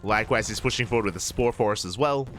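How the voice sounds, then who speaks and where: A man casting a live strategy game match, calm in his play-by-play and bursting with excitement when the fights break out. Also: lowish voice, fast, faint music behind. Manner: excitable, rising sharply in big moments. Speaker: esports caster.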